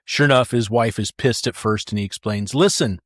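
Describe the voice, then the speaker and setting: A man's voice: lowish voice, a little fast, no room sound, clean studio sound. A man co-hosting a casual podcast and telling a long joke. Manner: animated storyteller. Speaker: podcast co-host.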